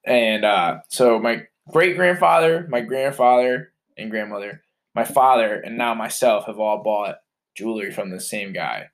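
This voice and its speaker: A man's voice: on the low side, measured pace. A man co-hosting a casual podcast with his partner, telling rambling stories in a joking way. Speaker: podcast co-host. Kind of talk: casual chat.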